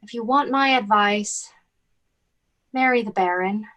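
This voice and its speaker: A woman acting a gentle, caring older sister who speaks in a soft, motherly and soothing way in a stage drama. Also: medium pitch, a little slow, dull audio, lightly acted. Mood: tender advice.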